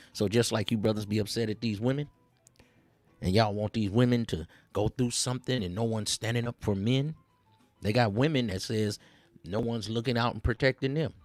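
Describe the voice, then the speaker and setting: A man hosting a livestream, ranting in casual street slang, preachy and animated, with frequent repeats. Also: fairly low pitch, dry recording. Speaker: livestream host.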